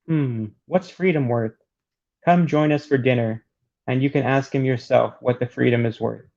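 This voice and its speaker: A man reading the lines of an earnest male slave rescuer, steady and resolute. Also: mid-range voice, moderate pace, vocal fry, lightly acted. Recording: dull lo-fi recording.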